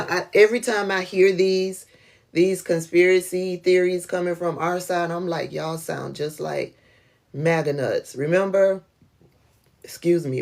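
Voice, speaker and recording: A woman hosting a casual political livestream, blunt and profane, often laughing, speaking. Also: lowish voice. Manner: blunt, profane, laughing, talks to chat viewers by name.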